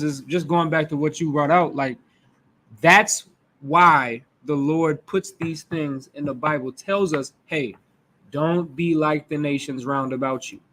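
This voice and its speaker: A man's voice: on the high side, fairly bright tone. A man leading a Bible class, preaching in a blunt, emphatic way with crude language.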